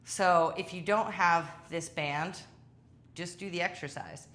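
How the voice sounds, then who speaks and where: Leading a home workout class, this fitness instructor speaks in a fairly low, slightly bright voice at a slow pace. She's chatty and pokes fun at herself, audibly worn out from exercising while she talks, as she coaches the workout live.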